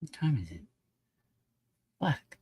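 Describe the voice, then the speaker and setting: A man's voice: fairly high pitch, very animated, slow, breathy edge, no room sound, muffled recording. A man hosting a casual livestream, rambling and talking bluntly with plenty of swearing. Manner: profane, blunt, laughing. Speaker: livestream host.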